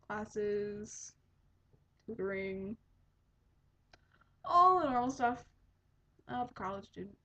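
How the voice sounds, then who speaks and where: A woman's voice: a little high, fairly bright tone, slightly rough. A woman in her twenties hosting a podcast, chatting in a rambling way with lots of ums. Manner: rambling, chatty, many fillers. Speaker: podcast host. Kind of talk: casual chat. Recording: dull lo-fi home recording.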